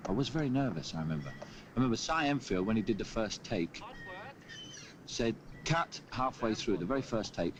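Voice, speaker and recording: A man with a Cockney accent telling an anecdote in an interview, animated with stumbles. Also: lowish voice, fairly quick, a crowd in the background. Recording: dull archival recording with faint hiss.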